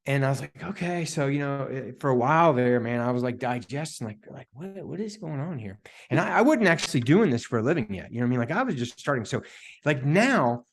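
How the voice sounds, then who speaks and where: A man guest on a podcast, telling a story in a casual, animated way, full of "dude," "man" and "like," and acting out the voices of the people in it. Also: quick pace. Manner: animated, heavy filler words, "dude" and "man"; acts out quoted voices with big pitch jumps. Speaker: podcast guest, energy healer.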